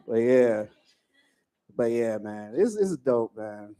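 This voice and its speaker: A man in his forties doing a profane stand-up comedy set, telling stories with animated asides. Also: medium pitch, takes it slowly, long pauses, clean tone. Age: 40s.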